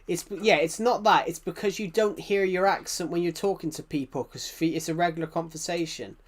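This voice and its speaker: A man's voice: a little high, fairly even intonation, fairly quick. A man with a British accent, chatting casually on a live game stream, rambling and answering chat messages with frequent restarts. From United Kingdom.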